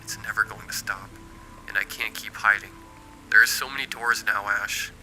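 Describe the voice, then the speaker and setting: Give me a bone-tired young guy murmuring over the phone in a low, hushed, hopeless voice, every word drained of fight, as a male narrator puts him on for a spooky storybook reading, with soft music lingering faintly behind. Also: fairly even intonation, normal speed, rough recording. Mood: resigned. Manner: hushed, weary, near-whispered. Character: exhausted, despairing young man on the phone.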